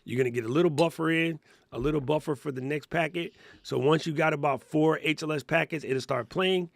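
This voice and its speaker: A middle-aged podcast co-host with a fairly high pitch and vocal fry talks a little fast, chatting casually about tech and creators. He laughs as he explains things step by step, and there is no echo.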